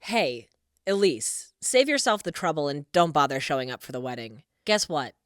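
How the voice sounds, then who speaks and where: A woman's voice: low voice, expressive, moderate pace, music in the background. Woman playing a cloying possessive mother. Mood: gloating. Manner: cloying, possessive, sing-song. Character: overbearing scheming middle-aged mother. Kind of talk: animated story voice-over.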